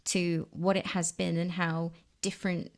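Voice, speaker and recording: A woman's voice: lowish voice, little pitch movement, unhurried. A woman, a soprano singer talking as a guest in a casual interview, chatty with tag questions.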